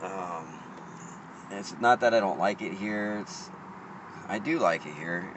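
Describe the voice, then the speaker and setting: A man with a fairly low voice tells a story in a rambling, swearing-laced rant, stumbling and restarting as he goes. He is recording outdoors, and passing cars and a clear wash of street noise sit behind him. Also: slow. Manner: profane, rambling, many restarts.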